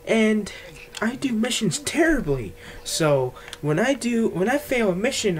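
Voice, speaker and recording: A man's voice: high voice, sing-song, measured pace. A man giving casual gameplay commentary, ranting and swearing constantly, recorded on cheap earbuds.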